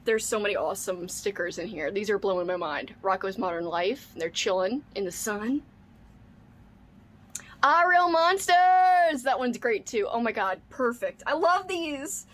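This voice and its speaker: A woman's voice: mid-range voice, moderate pace, hardly any pauses. A young woman book vlogger unboxing mail in casual chat, gushing and squealing with delight, saying "like" and "oh my god" often.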